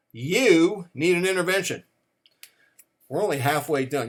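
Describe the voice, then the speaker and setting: A middle-aged watch vlogger with a somewhat high voice speaks at normal speed, delivering a comic countdown to camera. He's playful and mock-serious, and he acts out quoted dialogue.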